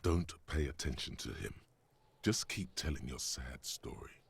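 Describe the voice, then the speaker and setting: A deep husky inner voice. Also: male voice, a little slow, no room sound, exaggerated voice. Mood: grave urging. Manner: grave, insistent counsel.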